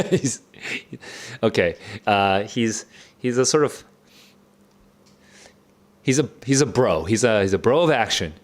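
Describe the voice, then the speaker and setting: A man streaming a casual live reaction to a play, halting and excitable, laughing often as he talks it through. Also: on the low side. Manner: casual slangy commentary. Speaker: book club streamer.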